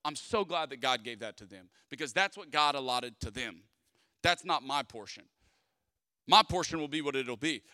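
A young man preaching a sermon in a lively, conversational way, swinging from loud bursts to quiet asides. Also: mid-range voice, dry recording, studio quality. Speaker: pastor.

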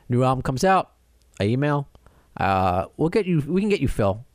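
Animated man telling a rambling story. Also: mid-range voice, moderate pace, no echo, clean studio sound. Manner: animated, rambling with many restarts and quoted dialogue. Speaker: podcast host. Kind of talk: casual storytelling chat.

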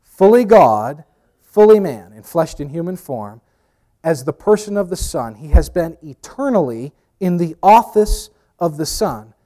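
A man preaching from the pulpit in a conversational way. He drops to near-hush and rises to emphatic lines, and he mixes in wry, self-mocking asides. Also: a little high, big pitch swings, measured pace. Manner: conversational preaching, swinging between hushed and emphatic; uses pop-culture asides and self-deprecating humor. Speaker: pastor. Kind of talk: sermon.

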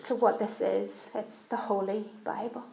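A woman's voice: mid-range voice, steady tone, unhurried, gravelly, mellow, slight background noise. Earnest woman preaching in an echoey room. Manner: earnest, repeats phrases for emphasis. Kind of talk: sermon storytelling.

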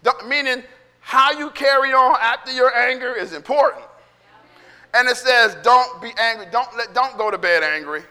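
Give me a high, bright-voiced male pastor preaching. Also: normal speed, in a large hall. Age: middle-aged. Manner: conversational preaching with acted-out quotes and laughter. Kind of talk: sermon.

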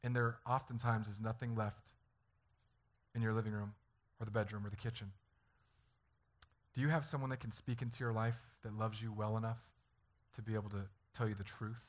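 A man's voice: on the low side, level tone, brisk. A man preaching a sermon as a pastor, talking earnestly and conversationally and acting out stories from family life.

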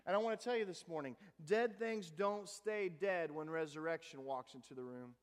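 A man's voice: a little high, moderate pace, clean tone. A man preaching a sermon and reading scripture aloud, building in intensity. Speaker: pastor. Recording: long reverb of a big room, faint music.

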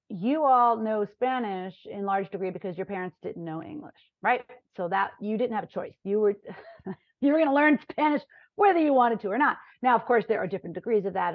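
A woman from New York, a professor talking as an interview guest, telling stories in a lively way and often checking in with "right?". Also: medium pitch, no echo. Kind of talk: conversational interview. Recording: dry, dull lo-fi remote recording.

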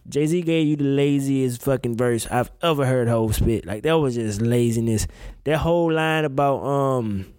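A man hosting a casual talk show, ranting in an emphatic, profane, slang-heavy way. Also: mid-range voice. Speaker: podcast host. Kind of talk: casual opinion rant.

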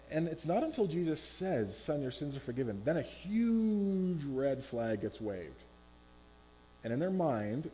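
A man preaching a sermon from a church stage, animated and acting out quoted voices. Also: medium pitch, muffled recording, slight background noise. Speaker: pastor.

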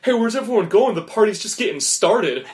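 A man's voice: medium pitch, animated, normal speed, a bit bright, close to an everyday voice. A man voicing a carefree young male gambler who brushes off losing the rent money, in a comic story. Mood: breezy.

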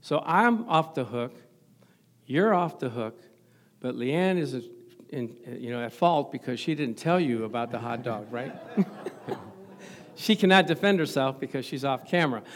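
A man's voice: mid-range voice, expressive, measured pace. A middle-aged man preaching a sermon as pastor in a church, joking playfully with the congregation.

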